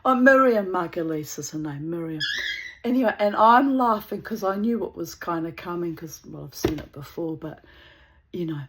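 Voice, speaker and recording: A woman's voice: lowish voice, animated, moderate pace, background noise. A woman telling a rambling, digressive anecdote in casual chat, breaking into laughter often. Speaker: channel host.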